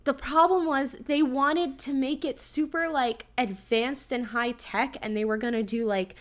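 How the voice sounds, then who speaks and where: High-voiced young woman, animated podcast chat. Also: a little slow. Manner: animated, swears freely, breaks into laughter. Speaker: podcast co-host. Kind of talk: casual chat.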